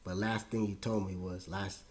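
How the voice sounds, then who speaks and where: Man in his forties, lowish voice, pastor storytelling, emotional with sudden high leaps. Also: little pitch movement, normal speed. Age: 40s. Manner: emotional, repeats himself, voice rises high when moved. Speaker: pastor and show host. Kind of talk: personal storytelling monologue.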